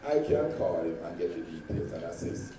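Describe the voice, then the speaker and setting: Man, dark low voice, storytelling speech, echoey hall from far off. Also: very animated, normal speed, slight background noise. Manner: dramatic, swings between loud and hushed. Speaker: convention speaker. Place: large convention hall.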